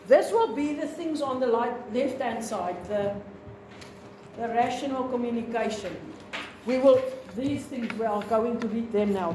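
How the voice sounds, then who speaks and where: A South African woman teaching a lesson, explaining slowly, repeating points and asking the class questions. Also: a little high, dark tone, roomy sound, a little hiss or hum, low-quality recording.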